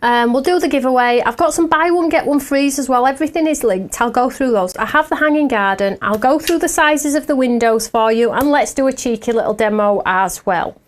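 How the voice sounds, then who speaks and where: Woman, fairly high voice, live shopping host, casual chat, giggly. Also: brisk, hardly any pauses. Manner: chatty and giggly, laughs at herself often.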